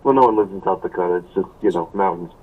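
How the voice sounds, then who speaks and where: A man calls in to a talk show and chats easily, tossing in dry, wry remarks. His voice is somewhat low, and it comes through a thin, tinny phone line. He also sounds set back from the mic. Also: fast talker, recorded from a distance. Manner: chatty, wry, drops asides. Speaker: caller. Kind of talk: casual phone chat. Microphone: phone call.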